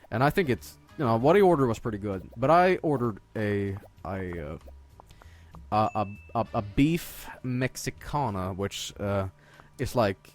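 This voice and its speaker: A male streamer telling a long story in a profane, rambling rant full of restarts, getting loud and shrill when he is worked up. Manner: gets loud and high-pitched when worked up. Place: home streaming setup.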